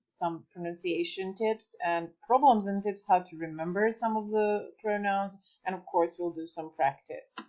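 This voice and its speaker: A woman teaching a beginner language lesson, patient and clear, sounding out words slowly for the listener to repeat. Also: mid-range voice, a little mellow, lo-fi sound. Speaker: French teacher.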